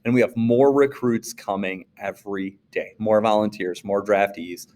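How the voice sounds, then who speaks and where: A man, a social studies teacher, giving a casual classroom lecture, animated and playful, jumping into quick acted-out voices. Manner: animated, acts out quoted voices with big pitch jumps.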